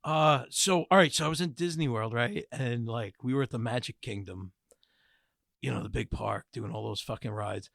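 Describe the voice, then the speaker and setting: A man's voice: mid-range voice, normal speed, creaky, a bit bright, no room sound, clean studio sound. A man co-hosting a comedy podcast, telling a rambling, profane story in casual chat. He is in his forties. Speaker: podcast co-host.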